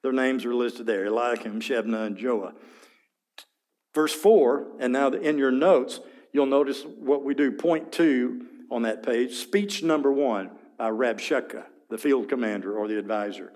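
A male Bible teacher leads a class through scripture in a relaxed, conversational voice of middling pitch. He paints scenes for his listeners and clears his throat now and then. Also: a little slow. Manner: conversational, vivid, asks listeners to picture scenes.

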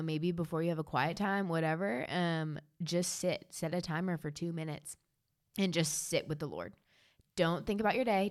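A woman co-hosting a church podcast, speaking gently and reflectively with frequent "um" and "you know.". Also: low-pitched. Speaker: podcast co-host. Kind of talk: casual church podcast discussion.

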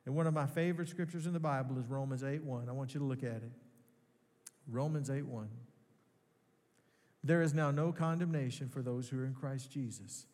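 Pastor preaching in a reverberant hall. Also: male voice, mid-range voice, fairly even intonation, darkish tone. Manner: earnest preaching with rising emphasis and slow pauses. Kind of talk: sermon. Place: large church hall.

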